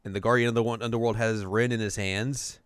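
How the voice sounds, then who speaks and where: A man co-hosting a casual anime podcast, retelling each scene and slipping into quick silly voices for the characters. His voice is smooth and clear, recorded close on a dry mic with no room sound. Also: on the low side, steady tone, no room sound. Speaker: podcast co-host recapping an anime. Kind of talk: casual recap chat.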